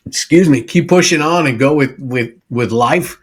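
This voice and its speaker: A man in his sixties hosts a casual podcast from his home studio. His voice is husky with a breathy edge, sitting in a middle range. He talks loosely and familiarly, with plenty of bro and dude. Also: medium pitch, normal speed. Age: 60s. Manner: easygoing, says bro and dude a lot. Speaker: podcast host. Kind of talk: casual chat.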